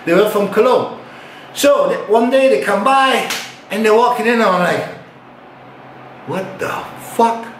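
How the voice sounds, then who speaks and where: A man's voice: high-pitched, moderate pace, fairly bright tone, a little hiss or hum. An older man telling a story about his past in casual, profane speech, acting out his own reactions. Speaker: retired bodybuilder. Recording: roomy echo.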